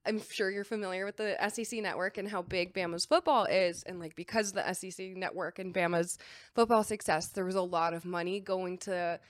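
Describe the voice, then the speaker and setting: A woman's voice: lowish voice, steady tone, fairly quick, dry recording, studio quality. A young woman from California chatting casually as a podcast guest, full of fillers and laughs.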